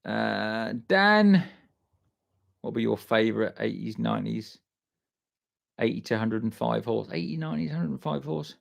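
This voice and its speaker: A man's voice: fairly low pitch, lively intonation, unhurried, vocal fry, pauses often. A man hosting a live stream, chatting casually and swearing freely as he reads out and answers viewer comments by name. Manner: loose, sweary and matey, answering chat by name.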